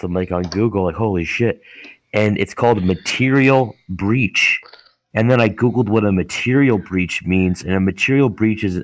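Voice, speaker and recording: A man's voice: lowish voice, slight background noise. A young man co-hosting a podcast, telling a long story in a casual, rambling way, swearing and restarting often. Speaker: podcast co-host. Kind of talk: casual chat.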